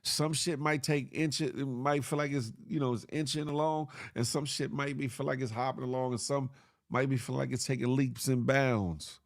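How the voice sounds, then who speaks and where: A man's voice: medium pitch, steady tone, normal speed, vocal fry, no echo, clean studio sound. Preachy man ranting on a morning show. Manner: preachy, repetitive, motivational ranting with slang and laughs. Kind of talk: casual livestream monologue.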